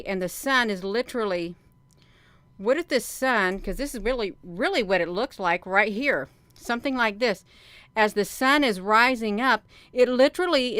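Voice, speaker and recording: A woman hosting a casual vlog who talks excitedly to her viewers, repeats herself and sounds out of breath. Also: medium pitch, clean tone, no room sound. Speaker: video channel host.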